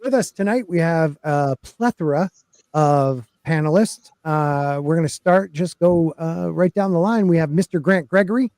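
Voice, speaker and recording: Upbeat male podcast host, higher voice, loose rambling delivery, dry sound. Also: moderate pace, darkish tone, no echo. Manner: upbeat, rambling, laughs easily. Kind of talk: casual chat.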